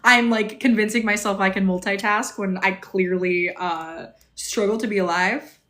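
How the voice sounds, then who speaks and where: Young woman, bright and chatty, livestream host answering comments, phone-on-tripod sound. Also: medium pitch, steady tone, moderate pace. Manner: chatty, bubbly, reads and answers viewer comments. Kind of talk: casual livestream chat. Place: motel room.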